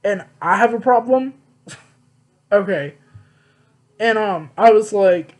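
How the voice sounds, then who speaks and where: High-voiced young man, blunt and candid. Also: animated, slow pace, pauses often, poor audio. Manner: blunt, profane, emphatic. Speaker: vlogger. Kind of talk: candid personal storytelling.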